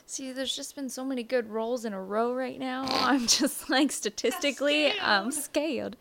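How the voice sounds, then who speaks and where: A woman's voice: sits high, unhurried, noisy background. Playful woman describing her moves. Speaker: player.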